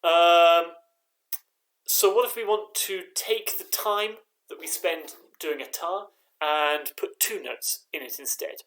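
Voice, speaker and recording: Choir director guy going through rhythms really slowly, patient, chanting ta ta ta. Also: a little high, a bit bright. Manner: patient, clapping out rhythms with drawn-out syllables.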